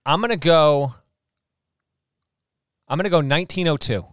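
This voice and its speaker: A man's voice: on the high side, moderate pace, fairly bright tone, clean tone, no echo, clean studio sound. A man co-hosting a podcast, teasing and reacting with playful, dramatic flair. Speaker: podcast co-host. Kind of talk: casual podcast banter.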